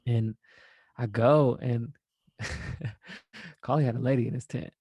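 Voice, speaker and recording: A man's voice: medium pitch, takes it slowly, darkish tone, breathy edge, no room sound, studio quality. A man, a former college basketball player, guesting on a podcast and telling rambling, profane stories in a laid-back way. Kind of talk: casual storytelling.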